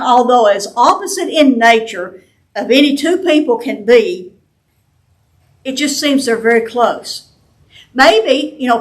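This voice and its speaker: An older woman teaching a women's Bible study lesson, talking earnestly and conversationally and often restarting her sentences. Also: fairly high pitch.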